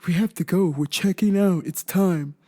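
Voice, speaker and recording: A woman's voice: on the low side, moderate pace, dark tone, close to an everyday voice. A woman voicing a muscular young man who keeps pleading with his girlfriend. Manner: pleading, repeats babe.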